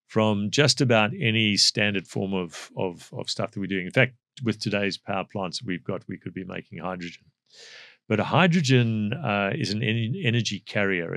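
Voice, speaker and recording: A middle-aged man with a South African accent, speaking as an energy expert in a podcast interview, measured and explanatory with frequent fillers. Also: on the low side, gravelly, fairly bright tone, dry recording, clean studio sound.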